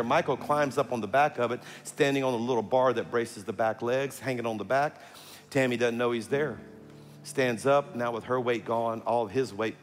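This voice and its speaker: A man's voice: medium pitch, a little hiss or hum. Storytelling pastor man in a big hall. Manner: storytelling, humorous asides, acts out quoted voices. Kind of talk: sermon with personal story. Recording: long hall reverb, faint music.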